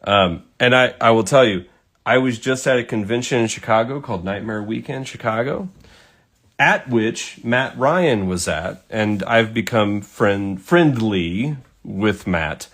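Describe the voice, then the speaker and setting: A man's voice: lowish voice, expressive, unhurried, a bit bright. Casual male storyteller, talks while painting, rambling and profane. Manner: rambling, swears, lots of fillers.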